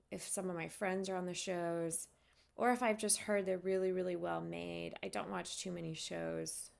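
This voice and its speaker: A woman who teaches yoga, chatting casually with viewers on a live stream, unhurried and loose with fillers and restarts. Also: fairly low pitch, gravelly.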